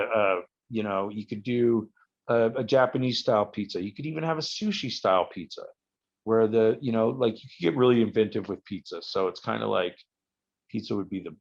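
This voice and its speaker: A man's voice: lowish voice, creaky. Man rambling on a dull recording. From United States. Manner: rambling storyteller, halting restarts. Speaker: guest, professional wrestler. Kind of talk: casual podcast interview. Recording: slightly dull lo-fi audio.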